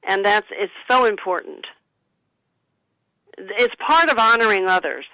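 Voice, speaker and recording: A woman's voice: mid-range voice, animated, normal speed, pushed and bright, dry recording, low-quality recording. A woman who is an author, giving earnest advice as a guest in a radio interview. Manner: earnest, advising, gives listeners example phrases. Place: studio.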